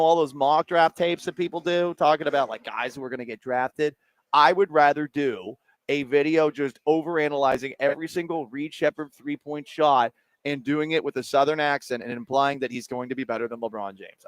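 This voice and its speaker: Joking talk-radio host, dry close sound. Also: male voice, mid-range voice, no room sound. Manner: rambling and jokey, reading out listener messages. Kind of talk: casual sports talk show. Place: a bar.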